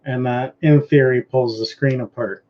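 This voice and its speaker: A man's voice: medium pitch, steady tone, normal speed, darkish tone. A Canadian man hosting a casual live-stream chat, rambling and laid-back, trailing off and restarting his sentences. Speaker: host. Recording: dull lo-fi stream audio.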